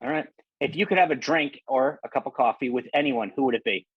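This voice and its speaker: A middle-aged man hosting a casual podcast interview, animated, laughing often and restarting his sentences. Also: medium pitch, quick pace, breathy edge, no room sound, dull audio. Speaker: podcast host. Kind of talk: casual interview with rapid-fire questions.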